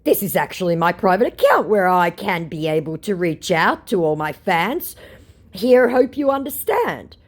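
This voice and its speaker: Woman doing a gushing fake celebrity man, squeaky and overblown, swooping pitch, words mangled. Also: sing-song, normal speed, exaggerated voice. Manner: gushing, clumsy broken phrasing. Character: fawning scammer posing as a male star.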